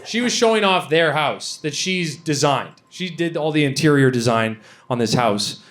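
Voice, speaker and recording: A young man from Canada doing a stand-up comedy set, rambling and halting with lots of fillers. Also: on the high side, expressive, fairly bright tone. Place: comedy venue with a laughing audience.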